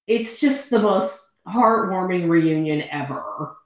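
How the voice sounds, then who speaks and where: Low-voiced woman in a very echoey room. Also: a little slow. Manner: expressive, acts out quoted lines. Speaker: book podcast co-host. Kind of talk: casual book discussion.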